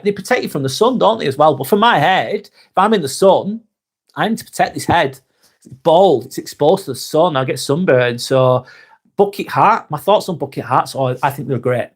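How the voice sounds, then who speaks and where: A man's voice: a little high, slightly rough. Easygoing man in his forties. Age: 40s. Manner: laid-back, swears freely, calls viewers mate. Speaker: live-stream host. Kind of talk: casual live-stream chat reading viewer comments.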